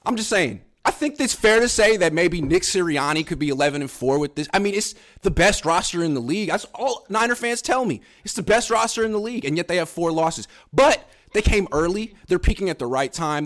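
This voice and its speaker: Man, sports journalist, lively voice, a bit high, defensive, heated podcast debate. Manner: defensive, laughing, quick rebuttals. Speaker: sports journalist covering the team.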